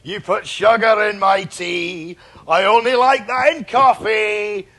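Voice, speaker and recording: A man doing a mock-tragic ballad in a put-on Scottish accent, loud and drawn out. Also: sits high, steady tone, slow pace, pitched above the performer's own voice, heavily acted. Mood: mock anguish.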